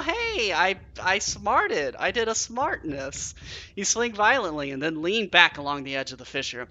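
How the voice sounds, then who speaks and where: A man doing let's-play commentary, reading game text aloud and reacting with excited, cursing self-talk. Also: mid-range voice. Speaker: game streamer.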